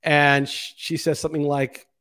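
A man's voice: a little high, little pitch movement, normal speed, pushed and bright, clear, resonant tone. Fired-up man ranting on his podcast. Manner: impassioned, ranting, profane. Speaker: podcast host. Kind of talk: monologue podcast commentary.

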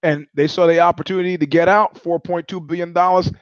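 A man's voice: high-pitched, fairly even intonation, fast talker, clean tone, no room sound. A man hosting his own show, telling stories in a casual, profane monologue with many restarts and repetitions. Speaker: show host. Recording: dull lo-fi sound, dry.

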